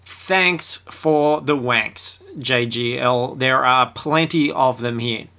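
Bright-voiced man giving a crude comic film review. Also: medium pitch, takes it slowly. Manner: irreverent, crude and sarcastic. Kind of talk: comedic film review monologue.

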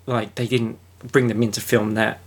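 A man's voice: on the low side, flat delivery, moderate pace, slightly rough. A man co-hosting a podcast, casually explaining a show with plenty of fillers. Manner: rambling, laid-back explaining with fillers. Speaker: podcast co-host. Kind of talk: casual chat.

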